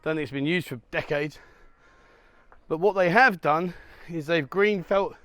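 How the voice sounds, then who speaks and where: Chatty high-voiced man vlogging. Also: measured pace, fairly bright tone, no echo. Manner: chatty, jokey, addresses viewers directly. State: out of breath. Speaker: travel vlogger. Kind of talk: casual walking vlog. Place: outdoors on a hillside island resort.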